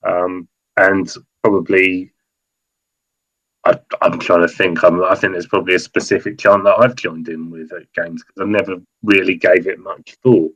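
A man talking football and politics on a podcast, hesitant and thinking aloud with many pauses. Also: low-pitched, level tone, a bit bright, rough recording. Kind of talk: casual football podcast chat.

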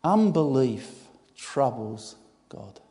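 A man giving a sermon as a guest preacher, emphatic and given to sudden loud outbursts. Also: mid-range voice, sing-song, very slow. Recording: long church-hall reverb.

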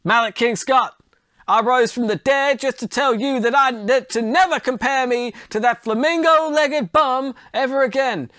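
A man's voice: very high voice, moderate pace, bright, forceful tone, no echo, clean studio sound, pitched above the performer's own voice. A man putting on the voice of a boastful dead boxing legend, trash-talking a rival in a brash, mocking way. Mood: taunting.

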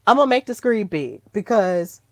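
A woman hosting her own podcast in casual solo chat, gushing and excitable, breaking into squeals when thrilled. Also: mid-range voice, normal speed, dry recording. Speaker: podcast host.

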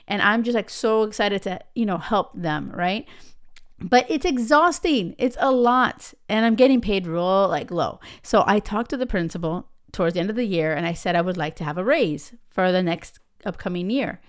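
A woman's voice: medium pitch, clear, resonant tone. A woman in her thirties hosting a podcast, telling a personal story in a chatty way, with many fillers and tag questions. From United States. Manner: chatty, with many fillers like "right?" and "you know". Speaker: podcast host.

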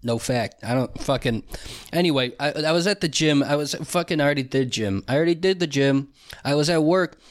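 Rambling, profane young man host. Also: fairly quick. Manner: rambling, profane, mimics others in high voices. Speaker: podcast host. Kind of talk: solo comedic rant.

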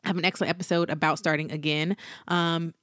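A woman hosting a solo motivational podcast, talking in an encouraging way and slowing down to stress her points. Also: low voice, flat delivery, a bit bright, no room sound, studio quality. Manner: encouraging, slows down for emphasis. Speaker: podcast host.

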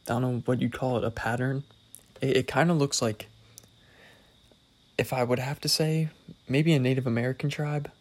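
A man's voice: mid-range voice, vocal fry. A young man hosting his own podcast solo, talking casually in a rambling, self-deprecating, wry way.

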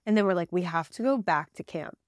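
A woman's voice: fairly low pitch, fairly quick, dry recording. Woman guest rattling off a wild trip story, lots of likes and laughs, dry close sound. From Southern California. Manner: animated, laughs often, many fillers. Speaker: podcast guest. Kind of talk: casual storytelling.

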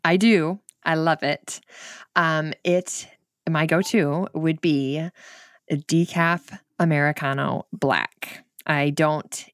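A woman's voice: low-pitched, steady tone, takes it slowly, no echo, studio quality. Bubbly woman with northern Michigan accent. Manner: bubbly, laughs often. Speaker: podcast guest. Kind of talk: casual interview chat.

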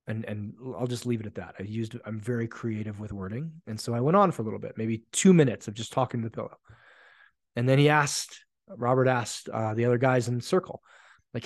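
A man in his forties hosts a solo podcast in a medium, darkish voice, speaking briskly. He tells stories bluntly and emphatically, swearing frequently, and the recording is dry and studio quality.

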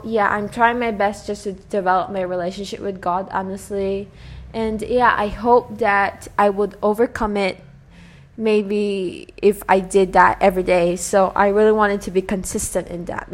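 A young woman hosting her own podcast, chatting in an earnest, rambling way with many fillers and restarts, her British accent put on over an American-style base. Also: medium pitch. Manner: earnest, soft-spoken, with frequent light laughs. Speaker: podcast host. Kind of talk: casual solo podcast talk.

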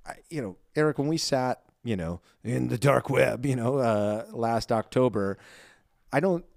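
A man's voice: mid-range voice, lively intonation, measured pace, vocal fry, darkish tone, no room sound, studio quality. A man co-hosting a podcast in casual chat, speaking earnestly and with heartfelt feeling. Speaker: podcast co-host.

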